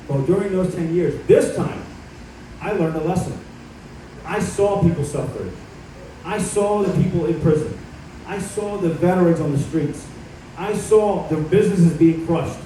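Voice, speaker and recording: A middle-aged man gives a combative campaign speech in a large hall, telling stories about his own fight. His voice sits on the high side with a dark, mellow tone. Heavy room echo and a distant mic make him sound far off, with faint ambience underneath. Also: slight background noise. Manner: combative, storytelling. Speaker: political candidate. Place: event hall.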